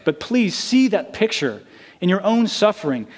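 Male preacher, earnest sermon storyteller, a touch high-pitched. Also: big pitch swings, normal speed. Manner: earnest storytelling, acting out quoted lines.

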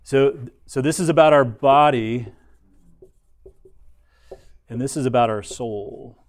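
A man's voice: mid-range voice, slow, dry recording. Man teaching a Bible lesson, dry sound. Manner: explanatory, frequent restarts and fillers.

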